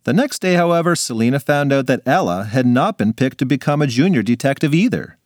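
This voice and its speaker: Guy narrating a silly kids story, bouncy lively voice, dry close mic. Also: medium pitch, a little fast, no room sound. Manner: playful, animated. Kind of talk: scripted narration for children.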